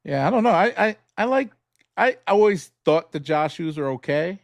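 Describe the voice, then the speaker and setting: A man's voice: high-pitched, animated, normal speed, no room sound. A man with a New York accent chatting loosely on a podcast, cursing casually and trailing off mid-thought. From New York, Queens. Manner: loose, profane, laughs often, trails off. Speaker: podcast co-host. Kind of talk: casual chat.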